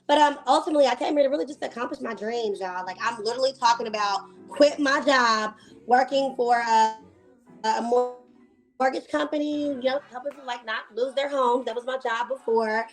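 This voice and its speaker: A woman from Dallas with a Texan accent chats in a bold, sassy interview style. Her voice sits a bit high, with quick playful turns. Soft music plays faintly behind her. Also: low-quality recording. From Dallas, Texas. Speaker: interviewee, media personality. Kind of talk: casual interview talk.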